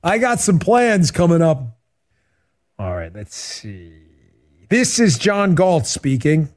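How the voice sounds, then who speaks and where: Man, middle-aged, radio talk show host, slightly high voice, casual chat, animated, joking storyteller. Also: slow. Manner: animated, joking storyteller who acts out quotes.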